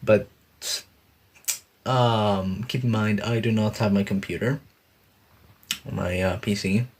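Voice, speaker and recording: Slow, low-voiced young man chatting. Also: steady tone. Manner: rambling, many fillers, laughs at himself. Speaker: streamer. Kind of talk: casual live-stream chat. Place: sitting on a bed indoors.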